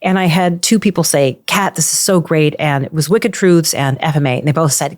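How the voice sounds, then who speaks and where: A woman guest telling her story in casual conversation, animated and full of restarts. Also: low voice, fairly quick, few pauses, no echo, clean studio sound.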